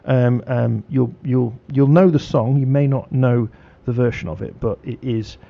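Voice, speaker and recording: A man's voice: medium pitch, measured pace, gravelly, dull audio. A man hosting a radio show, chatting casually with many fillers and restarts.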